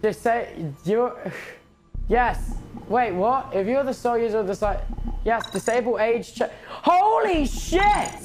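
A man casually chatting while streaming VR games, excitable and rambling, swearing a lot, on a headset mic. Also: extremely high pitch, a little slow, faint music behind. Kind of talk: casual gaming stream chat.

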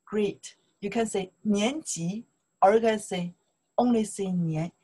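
A woman's voice: medium pitch, dark tone, breathy edge. A woman teaching Mandarin in simple, broken English, checking in with "okay?" again and again. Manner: slow, repeats "okay?" often, broken English. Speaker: Chinese language teacher. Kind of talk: explaining grammar to learners.

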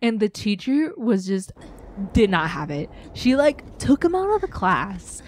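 A young adult woman co-hosting a casual chat, telling a story in an animated way and swearing casually. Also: medium pitch, measured pace, slight background noise. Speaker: co-host. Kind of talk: casual chat while watching a show.

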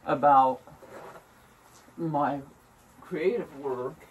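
Speaking slowly in a deep voice, this woman vents at home in a loose, rambling vlog, blunt and full of curses. The recording is distant from the mic, with a faint hum of room noise.

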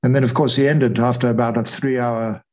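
An older man tells his story in an interview, with a voice of ordinary middle pitch. He retells events with energy and slips into the voices of the people he quotes. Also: level tone, a little fast, darkish tone, low-quality recording. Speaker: retired air force officer, guest.

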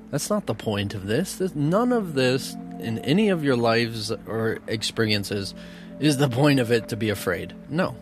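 A man's voice: medium pitch, lively intonation, a little slow. Guy giving a heartfelt spiritual talk, earnest, laughs a lot, music playing under him. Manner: earnest, emotional, laughs often. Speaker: spiritual teacher.

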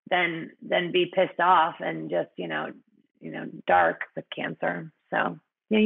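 A woman's voice: fairly low pitch, vocal fry, slightly rough, narrow, tinny audio. A woman guest in a conversational interview, speaking frankly with many fillers and frequent laughter.

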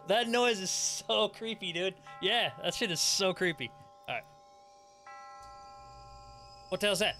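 A young adult man giving excitable, profane horror gameplay commentary and laughing often. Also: sits high, slow, pauses often, soft background music. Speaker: gaming streamer.

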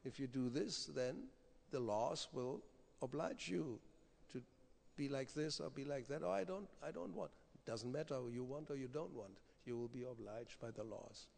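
A man gives a conversational scripture lecture, his gravelly, creaky voice carrying through the long reverb of a temple hall. He keeps checking in with his listeners through quick rhetorical asides. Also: mid-range voice, darkish tone. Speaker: spiritual teacher giving a scripture class.

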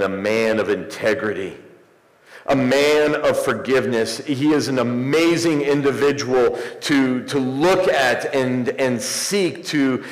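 A man preaching a sermon as pastor, rising into emphatic swells and slowing for pauses. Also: mid-range voice. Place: church sanctuary. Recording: echoey church hall, some distance.

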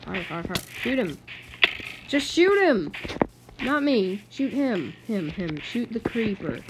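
Woman, gaming host, casual commentary, lively pitch, noisy recording. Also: takes it slowly. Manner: chatty, exasperated, talks to game mobs.

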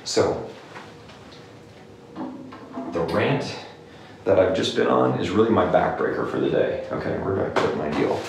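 A male clinician talks straight to camera in an emphatic, repetitive rant about exercise. His low voice has a gravelly edge. He sits back from the mic in a very echoey room with faint background noise. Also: very animated, a little slow, pauses often, far from the mic. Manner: emphatic, repeats "okay?" often. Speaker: clinician giving exercise advice. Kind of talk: direct-to-camera rant video.

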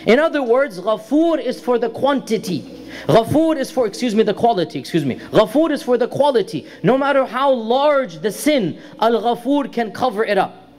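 Guy with a high voice teaching a religious class, repeats the key words, careful with the arabic terms. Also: sing-song, normal speed, a little mellow. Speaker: Islamic lecturer. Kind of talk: religious lecture series.

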